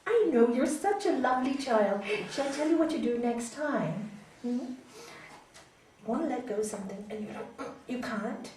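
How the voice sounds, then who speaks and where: Woman yoga teacher, fairly high and lively voice, gently coaching; picked up from afar in a roomy hall. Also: normal speed. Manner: animated, gently coaching, often asks "hmm?". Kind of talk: spiritual talk answering audience questions. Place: large hall. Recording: echoey hall from far off, faint noise.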